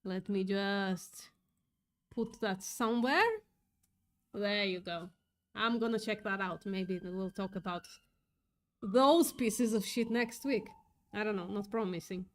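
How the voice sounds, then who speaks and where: A woman's voice: mid-range voice, takes it slowly, long pauses. A woman hosting a casual livestream, upset and thinking aloud, swearing often as she reads chat. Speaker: livestream host reading chat.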